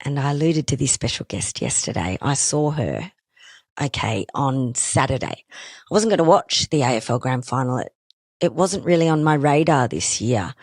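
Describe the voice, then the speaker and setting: A woman's voice: a bass voice, lively intonation, moderate pace, husky, dry recording, clean studio sound. A middle-aged Australian woman hosting a podcast, talking alone in a chatty, self-deprecating way with joking asides. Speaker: podcast host. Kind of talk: solo podcast chat.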